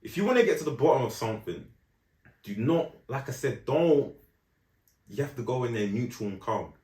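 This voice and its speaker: A man's voice: mid-range voice, expressive, moderate pace, dark tone, reverberant. A young man telling a story in casual podcast chat, full of slang and "do you know what I'm saying" asides. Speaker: podcast co-host.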